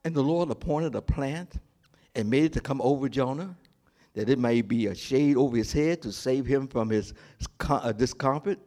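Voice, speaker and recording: A man's voice: medium pitch, moderate pace. A male pastor preaching a sermon, throwing questions to the congregation and acting out the story's characters in dramatic voices. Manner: animated preaching with call-and-response questions to the congregation; acts out the prophet and God in dramatic voices.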